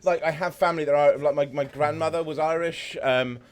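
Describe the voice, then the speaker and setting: A man hosting a casual reaction video, excitable and thinking out loud, with frequent swearing. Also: fairly high pitch, fairly quick.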